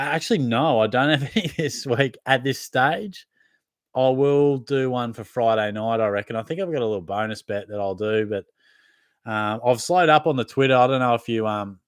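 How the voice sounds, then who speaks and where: A man's voice: lowish voice, clean tone, no echo. An Australian man hosting a casual live-stream Q&A, reading chat questions aloud in a laid-back, jokey way, laughing often and swearing casually. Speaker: fantasy footy livestream host. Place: at home.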